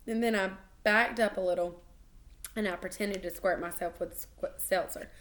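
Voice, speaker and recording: A woman reading a children's book aloud, expressive and animated, with small slips and restarts. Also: mid-range voice, normal speed. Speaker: reader.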